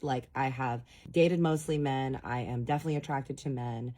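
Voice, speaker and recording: A woman's voice: rumbling low, steady tone, normal speed, hardly any pauses, dark tone. A woman from Dallas, telling a casual storytime vlog and chatting straight to her viewers. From Dallas, Texas. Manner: chatty, addresses viewers directly.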